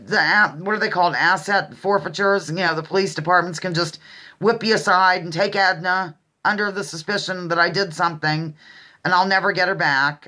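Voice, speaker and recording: In a lowish voice, a woman vlogger launches into a sarcastic, exasperated political rant aimed straight at her viewers, repeatedly calling them ladies and gentlemen.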